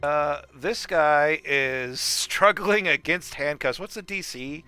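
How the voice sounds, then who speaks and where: A man narrating as game master of a tabletop game, animated and laughing often. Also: a little high, slow, clear, resonant tone, soft background music.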